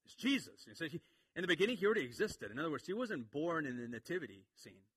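A man preaching a sermon, swinging from quiet explanation to emphatic points. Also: a little high, sing-song, quick pace, breathy edge, dry recording. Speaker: pastor.

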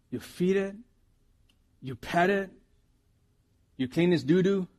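Preaching with lively storytelling, a middle-aged pastor with a fairly high voice shifts his loudness from quiet asides to sudden loud outbursts.

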